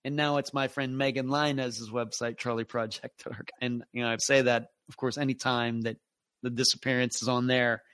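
A man's voice: mid-range voice, level tone, moderate pace, a bit bright, clean tone, dry recording. A man hosting a live true crime show, chatting casually and greeting viewers one by one. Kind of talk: casual livestream chat.

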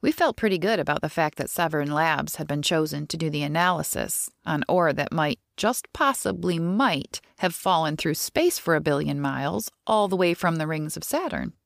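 Brief: female audiobook narrator, measured and wry; gravelly tone, dry studio sound. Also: deep voice, animated, no echo. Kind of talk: first-person audiobook narration.

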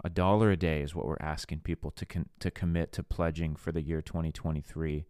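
Deep-voiced earnest male preacher. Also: fairly even intonation, fairly quick, darkish tone, dry recording, clean studio sound. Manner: earnest, conversational, slips into voicing skeptics. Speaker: preacher and podcast host. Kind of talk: casual sermon-style teaching.

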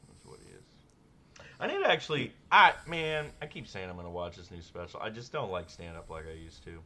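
A man co-hosting a podcast in casual comedic chat, riffing sardonically on absurd dark jokes and laughing often. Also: low-pitched, sing-song, a little fast, a little hiss or hum. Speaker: podcast co-host.

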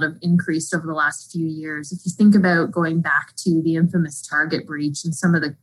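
A woman's voice: on the low side, low-quality recording. A woman answering interview questions fluently and in a businesslike way as a fraud executive.

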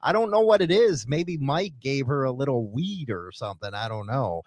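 A man from Chicago hosts a casual radio show in a lively, bouncing voice that jumps between loud bursts and low mutters. He rambles crudely and jokes around. The sound is dry and close to the mic. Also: moderate pace, dry recording.

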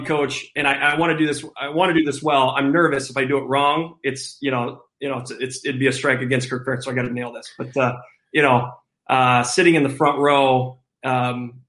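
A man's voice: medium pitch, fairly bright tone. Enthusiastic man in an echoey room. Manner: enthusiastic, laughs often, some restarts. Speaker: guest, former college football player. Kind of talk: casual interview chat.

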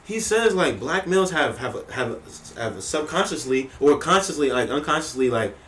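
A man's voice: mid-range voice, very animated, normal speed, a bit bright, a little hiss or hum. A young man talking casually as a podcast co-host, emphatic and repetitive, often ending his lines with "bro". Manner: emphatic, repeats words, ends lines with "bro". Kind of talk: casual chat.

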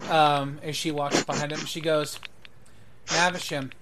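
Male game master, loose hesitant narration; slightly high, faint noise. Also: level tone, moderate pace. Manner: loose, lots of ums and uhs.

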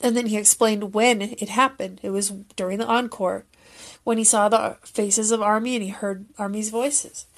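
A woman's voice: mid-range voice, fairly even intonation, normal speed. A woman giving an emotional, earnest and rambling casual recap of a concert as a fan video creator.

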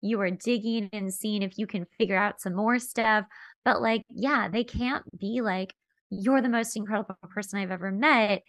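A woman co-hosting a podcast in casual chat, talking in a chatty, animated way and acting out quoted lines. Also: medium pitch, normal speed, no echo. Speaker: podcast co-host.

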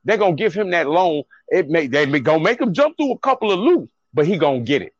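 A man with a somewhat high voice, speaking in an emphatic, preachy way and swearing freely. He makes his points forcefully in a relaxed podcast conversation. The sound is dry and a little dull, like a lo-fi recording. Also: fast talker, dry recording. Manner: preachy, emphatic, profane rant. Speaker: podcast co-host. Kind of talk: casual podcast chat.

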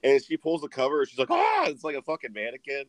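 A man's voice: medium pitch, racing, no room sound. A young man in casual chat, rambling and profane, laughing as he retells a story and acting out the voices in it.

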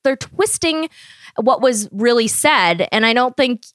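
A woman's voice: on the high side, expressive, measured pace, a bit bright, no room sound, studio quality. A woman co-hosting a podcast, chatting casually, agreeing readily and laughing often. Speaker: podcast co-host. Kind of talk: casual chat.

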